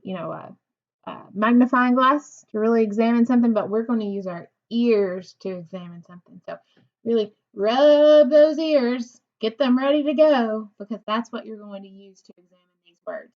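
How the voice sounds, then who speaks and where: A woman's voice: fairly high pitch, brisk. A woman teaching a phonics lesson to second graders, patient and encouraging, drawing out words. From United States. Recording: dull lo-fi recording.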